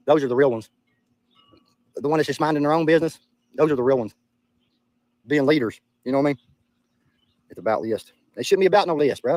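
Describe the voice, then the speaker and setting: A man's voice: mid-range voice, darkish tone, no room sound, low-quality recording. A young man with a Southern US accent who streams live and reacts to his chat in a blunt, profane, casual way, often repeating himself. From Southern United States. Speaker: livestreamer reading chat.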